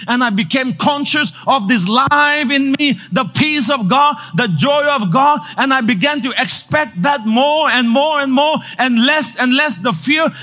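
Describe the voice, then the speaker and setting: A male pastor preaching a sermon, repeating lines for emphasis and building to loud declarations. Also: very high voice.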